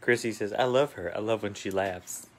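A man's voice: on the low side, moderate pace. A man co-hosting a casual craft livestream, reading viewer comments aloud and joking along.

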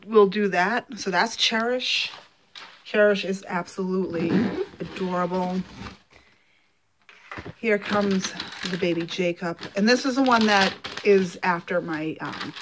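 Woman vlogger, casual unboxing talk, soft and halting, fighting back tears. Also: mid-range voice, slight background noise. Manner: gentle, halting, with many fillers. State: emotional, holding back tears. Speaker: doll collector vlogger.

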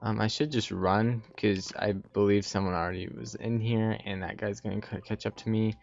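Excitable young man narrating gameplay. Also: lowish voice, moderate pace, vocal fry, faint music behind. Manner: excitable, jumpy, talks to himself. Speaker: gaming YouTuber. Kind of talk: Minecraft gameplay commentary. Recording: slightly dull lo-fi audio.

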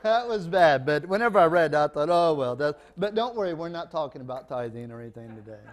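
Animated male preacher telling jokes. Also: a little high, fast. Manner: animated storyteller, acts out voices in jokes. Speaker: pastor. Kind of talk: sermon with humorous stories.

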